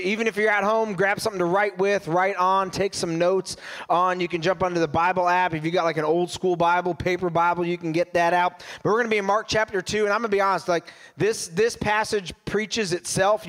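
Male pastor with a higher voice, preaching in a laid-back conversational way. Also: fairly even intonation, a little fast, fairly bright tone. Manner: casual, conversational preaching with repeated restarts. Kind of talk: sermon.

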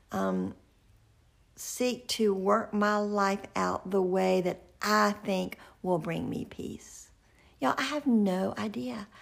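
A woman giving an earnest devotional teaching, often dropping into soft whispers. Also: mid-range voice, gravelly. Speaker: Christian speaker.

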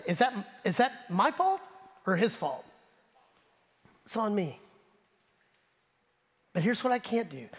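High-voiced animated preaching man. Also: long reverb tail. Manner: animated preaching, drops to soft asides; talks straight to the congregation. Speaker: pastor. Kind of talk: sermon. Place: church sanctuary.

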